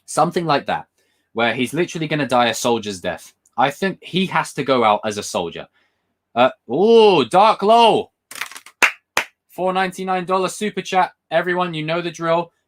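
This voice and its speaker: A young man chats on a livestream, his pitch swinging up and down as he gets carried away. He rambles and circles back, repeating phrases while he thinks out loud. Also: fairly quick. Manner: excitable, rambling, repeats himself. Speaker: livestream host. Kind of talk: casual live-stream chat.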